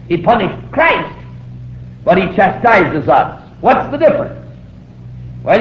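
Man preaching a sermon, slightly high voice, emphatic storyteller; dull, echoey old recording with faint noise. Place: hall with a live audience.

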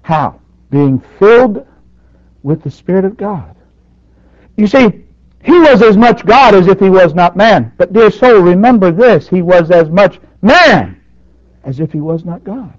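High, lively preacher man with big swings. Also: unhurried, dry recording. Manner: dynamic preaching, surging loud then dropping soft. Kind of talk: sermon. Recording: dull dry lo-fi recording.

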